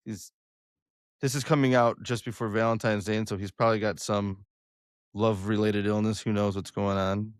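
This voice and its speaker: A young man hosting a podcast, joking loudly with a flat announcer-like delivery. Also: lowish voice, normal speed, clean tone, no room sound, clean studio sound. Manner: loud, joking, self-described monotone announcer delivery. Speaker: podcast host. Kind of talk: casual podcast chat.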